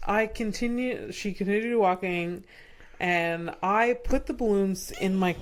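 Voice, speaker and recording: A woman's voice: medium pitch, measured pace. A young woman co-hosting a casual podcast, spinning a rambling childhood anecdote. She laughs often and acts out bits of dialogue as she goes. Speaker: podcast co-host. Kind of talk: casual chat, storytelling.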